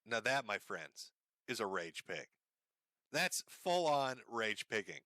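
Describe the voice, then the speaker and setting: A man narrating a sarcastic commentary, his voice bright and swinging up and down as he mocks what he has just played. He laughs often and swears freely. The sound is close and dry. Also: lowish voice, sing-song, slow pace, dry recording. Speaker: commentary host. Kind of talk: mocking commentary over clips.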